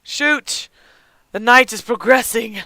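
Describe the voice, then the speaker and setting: A young man doing excitable gameplay commentary, gasping and talking to the game characters while he has the hiccups. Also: very high voice, slow, creaky, dry recording. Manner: excitable, gasps and yelps, talks to game characters. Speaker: let's play gamer.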